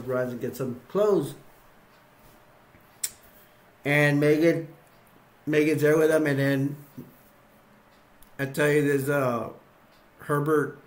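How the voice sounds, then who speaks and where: A man casually recapping a film's scenes, rambling and repeating himself as he acts bits out. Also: medium pitch. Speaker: movie reviewer.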